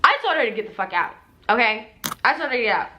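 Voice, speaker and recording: A woman's voice: fairly high pitch, big pitch swings, fast, highs cut off, a little hiss or hum. A young woman heatedly retelling a personal story, swearing and quoting what others said.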